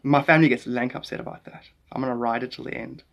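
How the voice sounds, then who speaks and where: A South African man chatting casually on a live stream, rambling and animated as he jumps between ideas. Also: medium pitch, quick pace, gravelly.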